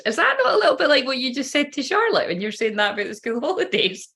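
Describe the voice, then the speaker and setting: A woman's voice: on the high side, big pitch swings, fairly quick, pushed and bright. Chatty woman reading cards. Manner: chatty, rambling, swears casually. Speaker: tarot card reader. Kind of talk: casual livestream card reading.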